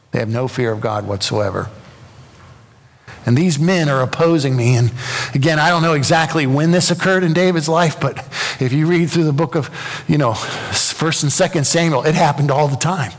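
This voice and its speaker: A pastor preaching a sermon, earnest and building to impassioned emphasis, often repeating words as he presses a point. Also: medium pitch. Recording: long reverb of a large hall.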